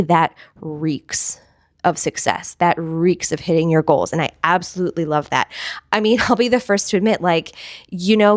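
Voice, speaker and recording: A young adult woman who works as a fitness instructor gives an upbeat, casual motivational talk to camera, giggling and repeating phrases for emphasis. Her voice is lowish. The sound is clean studio quality with no room sound.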